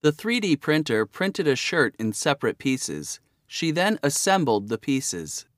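Guy reading textbook example lines, mid pitch, dry sound. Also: sing-song, unhurried, a bit bright, no echo. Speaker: speaker of example sentences. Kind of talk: reading vocabulary example sentences.

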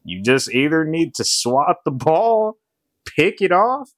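A man's voice: a little high, sing-song, slow pace, fairly bright tone, no room sound. A man co-hosting a casual sports podcast, telling stories with loose slang and frequent laughter. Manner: laughing storyteller, loose slangy banter, playful. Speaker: podcast co-host.

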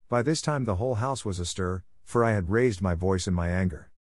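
Male audiobook narrator, low voice, dry close recording, measured first-person telling. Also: dry recording.

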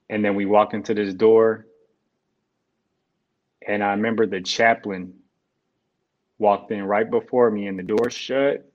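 Low-voiced man telling a painful story. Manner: halting, reflective, with restarts. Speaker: guest. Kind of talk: emotional personal storytelling. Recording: dull lo-fi sound.

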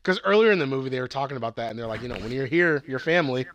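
A man casually recapping a movie plot on a podcast, excited and rambling, swearing often and laughing at the funny parts. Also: mid-range voice, very fast, muffled recording. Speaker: podcast co-host reviewing movies.

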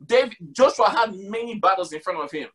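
A man with a high, bright-sounding voice preaches a sermon. He drives his points home by repeating them, and he slips casual slang in between scripture quotes. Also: lively intonation, brisk. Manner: emphatic, repeats lines for stress.

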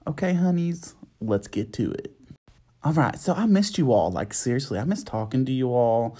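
A man's voice: mid-range voice, moderate pace. Young guy podcasting solo, sassy and chatty, voice swoops all over. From United States. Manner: sassy, chatty, animated, lots of fillers. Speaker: podcast host. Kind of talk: casual solo podcast chat. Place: at home at night.

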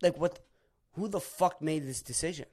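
A man hosting a podcast, ranting angrily with heavy swearing, shouting at times and then sinking into low, bitter grumbling. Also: normal speed. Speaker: podcast host. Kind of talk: angry podcast rant.

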